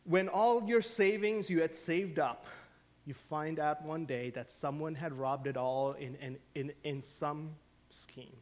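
A man preaching a sermon as pastor, telling stories and swinging from hushed, quiet lines to emphatic questions. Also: a little high, a little slow. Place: church sanctuary.

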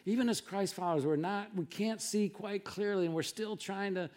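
A middle-aged male pastor preaching a sermon, telling Bible stories with animated, conversational delivery and acted-out quotes. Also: moderate pace. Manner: animated storytelling, acting out quotes with rising pitch and volume.

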